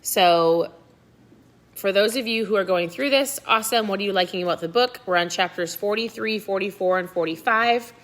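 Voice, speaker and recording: A woman's voice: mid-range voice, normal speed, fairly bright tone. A middle-aged woman hosting a book club in a casual live chat, talking straight to her viewers and often asking "right?". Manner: chatty, frequently asks "right?", addresses viewers directly.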